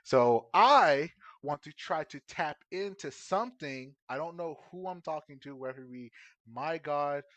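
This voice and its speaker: A man playing a tabletop game, talking earnestly and emotionally with many halting fillers. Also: a little high, expressive, a bit bright, no echo. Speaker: player. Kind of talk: casual tabletop role-play.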